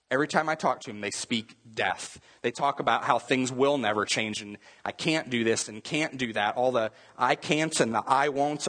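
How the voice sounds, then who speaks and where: A man's voice: medium pitch, fairly bright tone. Emphatic man preaching in a reverberant hall. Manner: repetitive, emphatic preaching with restarts. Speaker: pastor. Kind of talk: sermon.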